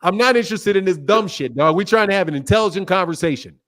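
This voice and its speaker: In a heated boxing talk-show debate, a high-voiced, animated man talks fast over crowd noise. As host of the channel, he's combative, keeps interrupting, and swears freely.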